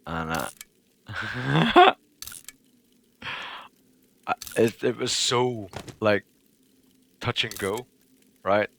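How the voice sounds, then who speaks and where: Bright-voiced swearing gamer man. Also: lowish voice, very animated, extremely slow, vocal fry, long pauses, slight background noise. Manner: profane, rambling, chatty with viewers. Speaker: livestreaming gamer. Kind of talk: casual chat while playing a game.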